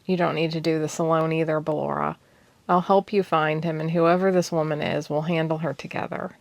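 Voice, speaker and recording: A thoughtful young man, the blind heir of a black-market magic family, speaks in a level, reassuring voice, as a woman narrator reads him. The tone is low and gravelly. It is recorded close and dry. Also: steady tone, a little fast, no echo. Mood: steady.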